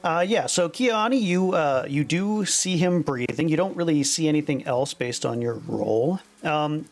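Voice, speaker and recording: A man narrating as dungeon master, relaxed and halting, with many fillers, over a voice call. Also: a little high, soft background music. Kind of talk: narrating a tabletop game.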